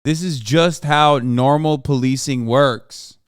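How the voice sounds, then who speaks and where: A man's voice: medium pitch, animated, moderate pace, a bit bright, dry recording, studio quality. A man streaming a reaction, ranting angrily and emphatically with heavy profanity. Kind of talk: heated livestream reaction commentary.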